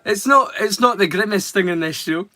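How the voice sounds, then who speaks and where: A man's voice: sits high, moderate pace, sharp tone, no echo. A man with a Scottish accent chatting casually with his live-stream viewers, teasing them and swearing freely. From Scotland.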